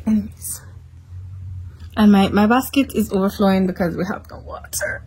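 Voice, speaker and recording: A woman's voice: on the high side, expressive, normal speed, pauses often, warm tone, husky, poor audio. A young adult woman chatting casually to her viewers in a home vlog, rambling and explaining in loose run-on sentences. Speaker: vlogger.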